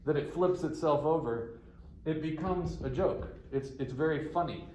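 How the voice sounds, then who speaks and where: A man's voice: a little high, darkish tone. A male guitar instructor giving a classroom lesson, counting beats aloud and explaining with questions. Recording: echoey room with faint ambient noise.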